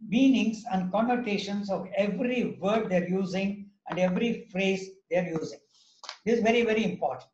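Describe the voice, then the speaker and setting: A man's voice: high voice, a little mellow, echoey room, highs cut off. A man with an Indian English accent giving a lecture, emphatic and anecdotal, repeating his key points.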